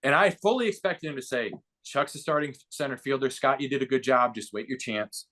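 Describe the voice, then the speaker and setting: Speaking briskly, a fifty-something man who once played baseball and now calls games spins a long tale as a podcast guest, loose and chatty. His average-pitched voice lifts when the story gets good, and he mimics the people in it.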